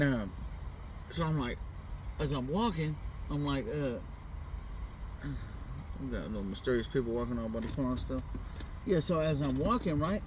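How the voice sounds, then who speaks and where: A middle-aged vlogger from the US Pacific Northwest casually recounts a funny childhood story in loose, profane slang, frequently adding "you know what I'm saying." His voice is a little high, and the recording sounds distant, with a slight hiss or hum.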